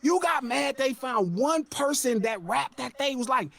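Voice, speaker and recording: A man's voice: very high voice, lively intonation, unhurried, vocal fry, few pauses, a bit bright, no echo. A man on a podcast, ranting with profanity and exasperation. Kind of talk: heated podcast rant.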